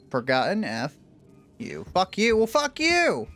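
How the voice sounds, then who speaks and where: A man commentating his gameplay, joking, swearing and yelling in bursts, then muttering low. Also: wildly swooping pitch, measured pace. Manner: loud, profane, jokey, swings between shouting and mutters. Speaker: gaming streamer. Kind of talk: let's play commentary.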